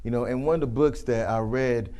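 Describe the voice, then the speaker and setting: A man presenting a leadership workshop to a room of listeners. His voice sits at an ordinary middle pitch, and he tells his points through animated stories, acting out the voices of the people he quotes. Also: fairly quick. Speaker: youth football coach. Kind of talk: live leadership talk to a group.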